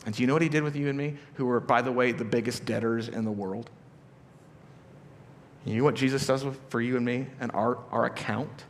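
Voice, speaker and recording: A man's voice: mid-range voice, steady tone, brisk, slight background noise. A male pastor giving a conversational sermon to his church, full of rhetorical questions and casual asides. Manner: casual, questioning, with many asides and repeated starts. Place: church auditorium. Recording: live church hall reverb with soft music.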